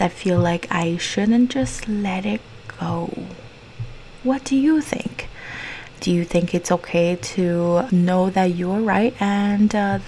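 A woman's voice: mid-range voice, vocal fry, a little hiss or hum. Earnest woman with a Mandarin accent. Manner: reflective, earnest, drops into soft near-whispered asides. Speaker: vlogger. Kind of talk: personal storytelling to camera.

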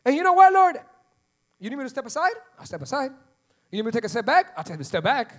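A man preaching a sermon, animated, acting out little dialogues with God and repeating phrases for emphasis. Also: very high-pitched, fast talker. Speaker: pastor.

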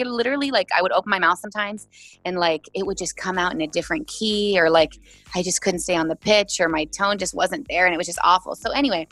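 A woman's voice: on the low side, fairly bright tone, no echo. A young woman, a singer-songwriter, talks casually over a video call and tells stories with laughs and quoted voices.

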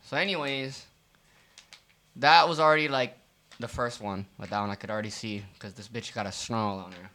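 A man co-hosting a podcast, telling a profane, animated story about his restaurant job with lots of fillers. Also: mid-range voice. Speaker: podcast co-host. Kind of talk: casual storytelling rant.

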